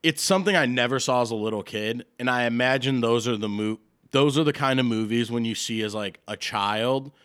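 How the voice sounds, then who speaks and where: A man's voice: mid-range voice, fairly quick, few pauses, a bit bright. A man hosting a casual podcast chat, joking and rambling with frequent restarts. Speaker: podcast host.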